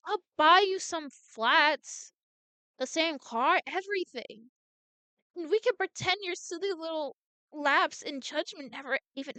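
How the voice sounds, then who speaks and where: A woman voicing a possessive, smooth-talking male criminal ex-partner in a visual novel, speaking in a soft, cooing, menacing way. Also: high voice, no echo, pitched above the performer's own voice, heavily acted.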